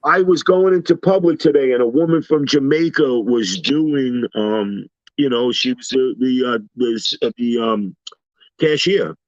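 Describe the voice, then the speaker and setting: A man swaps stories on a casual talk panel, animated and acting out the voices of the people he meets. His pitch sits in an ordinary middle range. The recording is dry, with a slightly dull, lo-fi tone. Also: measured pace, dry recording. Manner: animated storyteller, acts out quoted voices. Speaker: panel guest. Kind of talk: casual storytelling chat.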